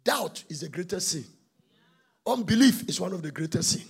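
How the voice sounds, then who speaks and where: An impassioned male preacher delivers a sermon, swinging between shouts and sung phrases. His voice sits high for a man and is heavily gravelly and husky. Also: animated, normal speed.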